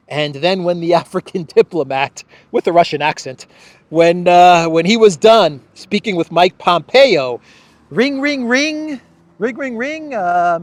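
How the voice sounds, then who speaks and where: A man hosting a casual political commentary show, sarcastic and playful, often laughing and drawing out words for emphasis. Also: on the high side. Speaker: host.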